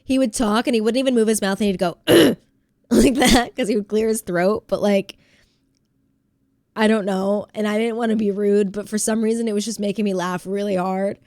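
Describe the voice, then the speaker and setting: A woman streams from home with a stuffy head cold and chats casually with her viewers. She giggles often and reads their messages aloud. Her voice sits at a middling pitch on a dry, close mic. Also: steady tone, a little fast, darkish tone, no room sound. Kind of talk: casual chat with chat.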